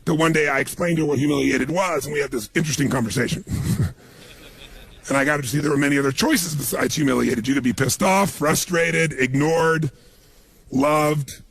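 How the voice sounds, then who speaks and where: A man giving a motivational seminar talk, telling stories in an animated way and acting out other people's lines. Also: on the high side, moderate pace, creaky, slightly rough. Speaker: motivational speaker.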